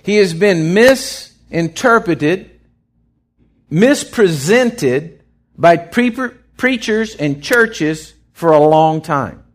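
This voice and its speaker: Here a pastor with a fairly high pitch draws out his words while improvising a sermon. He animates his stories by voicing each part aloud.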